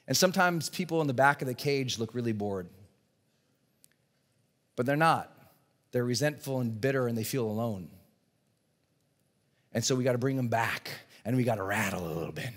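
A man giving an energetic motivational seminar talk to a live audience in a large event hall, often acting out voices in his stories. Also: medium pitch, normal speed, long pauses. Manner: energetic, animated, acts out dialogue in voices. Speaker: motivational speaker and coach.

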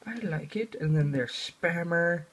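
A young adult vlogger, tired and scatterbrained, talks to a camera in a dim room at home. The delivery rambles, drops into mumbled asides and then jumps into loud outbursts. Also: mid-range voice, measured pace. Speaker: gaming vlogger. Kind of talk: casual rambling vlog to camera.

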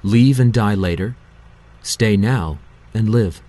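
A man reading an audiobook, voicing a menacing ancient male god of death who hisses slow threats. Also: fairly low pitch, warm tone. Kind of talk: audiobook character voice.

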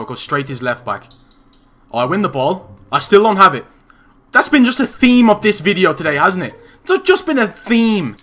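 A young Irish gaming YouTuber with a slightly high, bright, forceful voice rages over his own football video game matches. His commentary is angry and exasperated, full of swearing and ranting.

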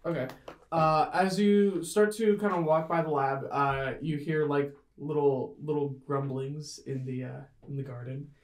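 A woman narrating a tabletop role-playing game as game master, in a relaxed way with lots of fillers. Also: low-pitched, measured pace. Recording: echoey room.

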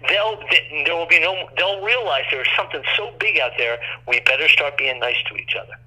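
Man, interview guest, rambling storyteller, bright sharp voice, husky, phone line. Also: fairly high pitch, fairly quick. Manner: rambling, animated, acts out quoted voices.

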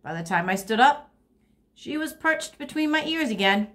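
A woman's voice: sits high, moderate pace. A woman teacher reading a children's chapter book aloud to a second grade class, expressively. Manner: expressive storytelling.

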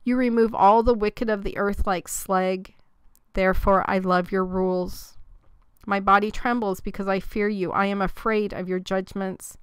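A woman reading scripture aloud in a measured, even recitation. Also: medium pitch, clean tone, dry recording. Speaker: scripture reader.

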